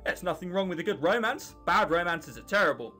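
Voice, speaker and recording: A woman's voice: lowish voice, animated, brisk, sharp tone, soft background music. A woman reading a bold, bluffing young heroine. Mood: playful. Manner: playful, bluffing.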